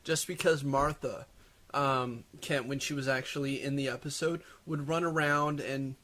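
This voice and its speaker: A young man co-hosting a casual podcast chat, quick with jokey asides and easy laughter. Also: mid-range voice, fairly even intonation, fairly bright tone. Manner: laughs easily, jokey interjections. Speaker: podcast co-host.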